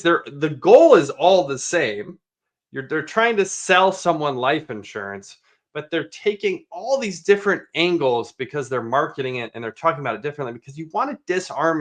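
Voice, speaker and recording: A man co-hosting a sales podcast, telling stories in a casual, animated way and acting out sales pitches. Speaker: podcast co-host.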